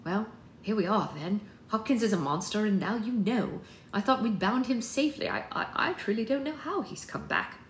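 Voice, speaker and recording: A woman's voice: medium pitch, expressive, moderate pace, voice pushed up, lightly acted. Woman reading as a cool witch mother. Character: cool, guarded middle-aged witch mother. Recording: roomy sound with faint noise.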